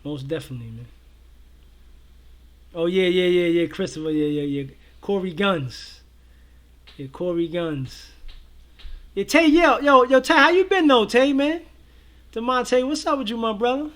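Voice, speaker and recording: A high-voiced man chats easily with his viewers, full of slang and strings of yeah, yeah. His talk is loose and relaxed, the style of a casual livestream co-host. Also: unhurried, pauses often. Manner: laid-back, slangy, many repeated fillers. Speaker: co-host of a reaction show.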